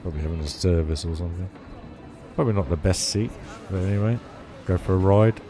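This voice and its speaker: Chatty man streaming, low mellow voice. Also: fast talker. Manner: chatty, laughs often, reads chat aloud. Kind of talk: casual live-stream chat. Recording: faint music behind.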